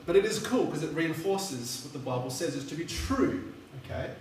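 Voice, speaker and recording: A preacher with a slightly high voice delivers sermon storytelling in a loose, chatty, rambling way, full of asides and fillers, at a moderate pace. He's far from the mic, his voice booming around a reverberant hall over a faint steady hum.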